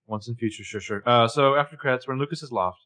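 A man's voice: medium pitch, fast, pushed and bright. A man co-hosting a podcast, recapping a TV episode in casual chat and playfully quoting the characters. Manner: playful, quotes characters in put-on voices. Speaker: podcast co-host recapping a TV show.

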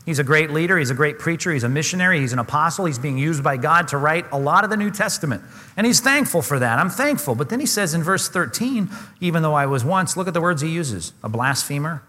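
Emphatic preacher in a reverberant hall. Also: male voice, fairly high pitch, expressive, quick pace, bright, forceful tone. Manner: earnest, emphatic, asks the congregation questions. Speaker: pastor. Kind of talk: sermon.

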